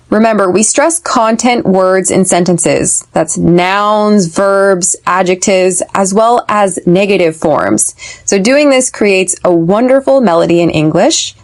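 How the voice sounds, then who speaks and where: A woman hosting an English-learning podcast with an American accent. She drills phrases slowly and clearly for listeners to repeat. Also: medium pitch, a little mellow. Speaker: podcast host and English teacher.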